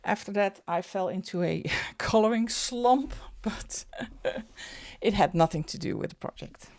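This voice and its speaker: Lady coloring vlogger, slow chatty show-and-tell, a bit of vocal fry, close dry mic. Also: medium pitch, dry recording. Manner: chatty, slow and unhurried, drops into soft asides. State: out of breath. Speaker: coloring channel host. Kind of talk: casual show-and-tell vlog.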